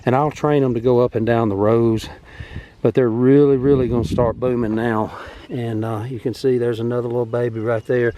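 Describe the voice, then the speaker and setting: A man's voice: mid-range voice, steady tone, moderate pace, dark tone, a little hiss or hum. A man, out of breath, rambling easily and with many fillers as he walks through his vegetable garden outdoors. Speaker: farm vlogger. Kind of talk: casual garden walkthrough.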